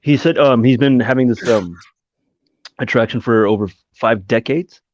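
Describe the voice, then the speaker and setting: A man co-hosting a podcast, reacting quickly with swearing and exclamations. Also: medium pitch, darkish tone, dry recording, dull audio. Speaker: podcast co-host. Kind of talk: casual banter.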